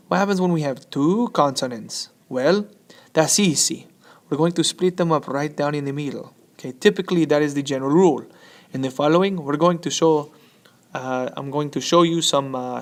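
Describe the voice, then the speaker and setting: A man teaching a Spanish lesson from slides, upbeat and chatty, often checking in with "okay?". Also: on the high side.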